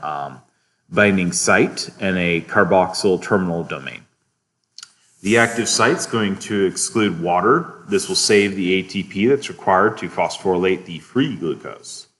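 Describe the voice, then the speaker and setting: A man teaching a biochemistry lecture to a class, relaxed, checking in with students often and chuckling at his own asides. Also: low-pitched.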